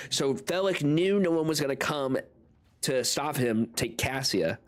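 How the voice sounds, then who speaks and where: A young man streams a game live and reacts with excitable commentary. He laughs easily and swears casually as he reads and plays. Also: medium pitch, measured pace. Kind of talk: live gameplay commentary and reading.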